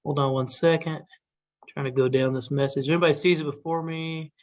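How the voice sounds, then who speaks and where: A man telling a traditional story casually at a community meeting, relaxed and animated. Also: a little high, brisk.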